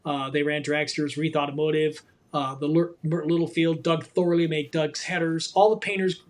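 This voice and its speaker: A man in his sixties, a guest in a conversation, telling animated anecdotes and acting out the quotes. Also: a little high. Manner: animated, quick storyteller who acts out quotes.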